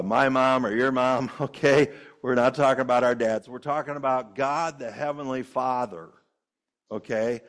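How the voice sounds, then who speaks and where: A male pastor delivers a sermon from a church sanctuary. He talks in an easy, conversational way, repeating phrases, using fillers and chuckling often. His pitch sits in the ordinary middle range for a man.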